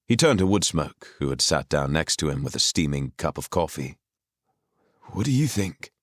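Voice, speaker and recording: A man narrating a fantasy audiobook with expressive storytelling on a close studio mic. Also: extremely low pitch, fairly quick, no room sound. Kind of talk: scripted narration.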